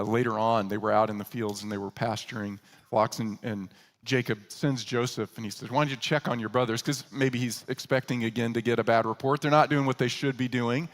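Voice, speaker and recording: A male pastor delivering a sermon at a middle pitch. He tells the story in an animated way and slips into the voices of the characters he quotes. His delivery is conversational and earnest. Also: big-room sound.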